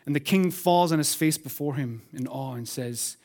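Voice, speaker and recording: A man preaching a sermon as pastor, swinging between loud emphatic lines and hushed ones, calling on the congregation to respond. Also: fairly high pitch, moderate pace, hardly any pauses.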